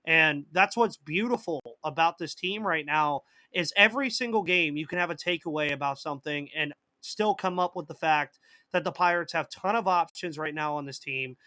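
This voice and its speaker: A man's voice: on the high side, moderate pace, bright, forceful tone, no room sound. A man hosting a live sports podcast in casual chat, reading out viewer comments and answering them, with a slight cough. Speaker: podcast host.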